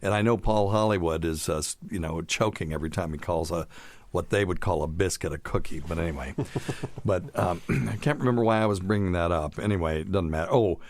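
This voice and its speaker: A man's voice: low voice, brisk, darkish tone, dry recording. A middle-aged man hosting a medical podcast, chatting in a jokey, rambling way. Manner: chatty, jokey, wanders off topic. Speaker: podcast host, doctor. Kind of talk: casual chat.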